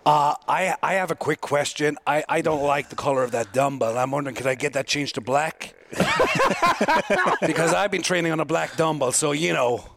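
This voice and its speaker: A man's voice: fairly high pitch, steady tone, normal speed, gravelly, background noise. A man doing a fussy Irish complainer. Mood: mock-serious.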